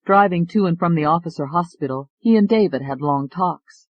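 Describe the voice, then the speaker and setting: A man's voice: fairly high pitch, normal speed, hardly any pauses, no echo. Male narrator, dry muffled audiobook. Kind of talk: scripted narration.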